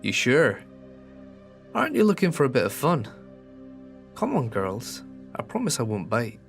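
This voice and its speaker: A man voicing a menacing young Irish creep with a rough voice, leering and ranting in a storybook horror narration. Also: medium pitch, wildly swooping pitch, a little slow, faint music behind, voice pushed up, exaggerated voice. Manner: leering, then ranting and angry.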